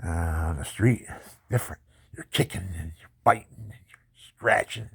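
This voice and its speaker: A man telling his life story in a personal testimony, animated and boastful, laughing often. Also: low-pitched, normal speed, husky, no room sound, clean studio sound.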